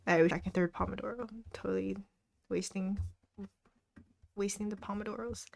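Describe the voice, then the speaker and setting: A woman's voice: mid-range voice, steady tone, normal speed, creaky, a little mellow. A young woman hosting a live study stream, chatting casually with viewers, reading their comments aloud and laughing often. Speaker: livestream host. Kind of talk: casual chat with a live audience. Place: home desk during a study stream.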